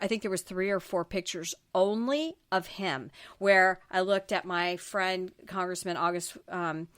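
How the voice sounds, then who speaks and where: A woman's voice: lowish voice, fairly bright tone. Emphatic, exasperated middle-aged woman host. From Florida Panhandle, US. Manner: emphatic, exasperated ranting with frequent restarts. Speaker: talk show host. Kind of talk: political talk show chat.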